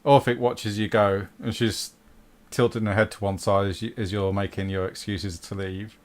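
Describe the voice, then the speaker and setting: A man narrating as game master of a tabletop role-playing game over an online call, brisk and quick to laugh. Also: fairly low pitch, flat delivery. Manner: brisk, laughs along with players.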